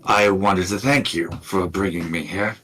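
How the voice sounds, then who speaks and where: A man plays a cocky rogue boss in a tabletop game, voiced low and softly. He sounds breezy and self-assured, tossing out endearments as he bargains. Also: a little slow, a little hiss or hum. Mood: smug. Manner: calls people love, breezy and cocky. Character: smug confident male rogue leader.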